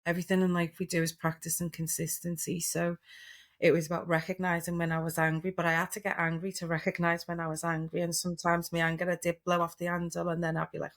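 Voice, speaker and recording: Low, flat-voiced woman coach. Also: fast. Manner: earnest, practical, tells everyday examples. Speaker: therapeutic coach, podcast guest. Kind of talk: reflective interview talk.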